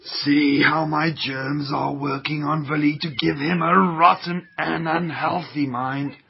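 A gravelly, slow-talking germ villain coaxes and cackles in a children's radio drama. The sound is slightly dull and lo-fi. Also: male voice, a little high, slight background noise. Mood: gloating. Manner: scheming, cackling, wheedling flattery. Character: sly gloating male germ villain.

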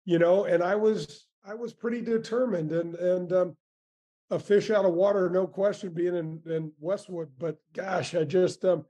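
Man in his 60s, former pro golfer, rambling storyteller, warm mellow tone, slightly high voice. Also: normal speed. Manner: animated storyteller with many restarts and "man" asides. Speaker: former tour golfer, guest. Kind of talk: storytelling interview answers.

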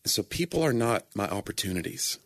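A man's voice: on the low side, big pitch swings, a little fast, gravelly, fairly bright tone, no echo, studio quality. A man who performs and speaks at churches, chatting earnestly about faith and often correcting himself mid-thought. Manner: earnest, rambling, self-correcting. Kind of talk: casual faith conversation.

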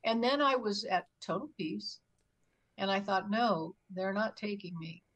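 A woman's voice: mid-range voice, unhurried, rough recording. An older woman, a guest on an interview, telling a story vividly and acting out what people said. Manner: animated storyteller who acts out her own quotes. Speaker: guest, UFO experiencer.

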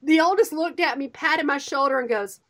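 A high-pitched middle-aged woman co-hosting a radio show in casual chat. She tells animated stories and throws herself into every quoted line. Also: normal speed. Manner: animated storyteller, acts out quotes.

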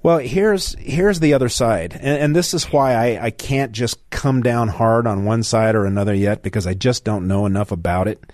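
A man's voice: medium pitch, moderate pace, hardly any pauses, a little mellow, no echo. A man hosting a talk radio call-in show, talking bluntly and with indignation to his callers. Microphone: studio microphone.

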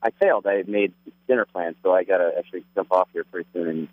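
A man's voice: sits low, fast, dry recording. A man calling in to a radio show on his cell phone, easygoing and hesitant. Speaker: caller. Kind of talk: casual phone call. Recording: tinny phone line.

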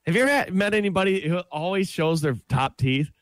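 A man with a fairly high voice co-hosts a radio show, telling rambling stories with lively swings in pitch. He is recorded on a dry studio mic. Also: quick pace, no room sound. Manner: rambling, storytelling, laughs easily. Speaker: radio co-host. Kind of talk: casual radio banter.

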